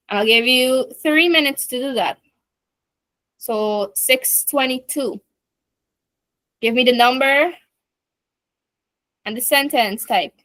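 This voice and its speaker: A woman's voice: fairly high pitch, bright, forceful tone, no room sound. A woman teaching an online class, explaining step by step with chatty asides.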